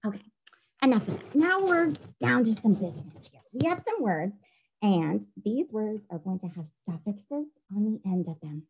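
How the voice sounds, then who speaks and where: A woman teacher giving a recorded phonics dictation lesson, playful and spelling things out clearly. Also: medium pitch, very animated, normal speed, a little mellow, muffled recording, a little hiss or hum.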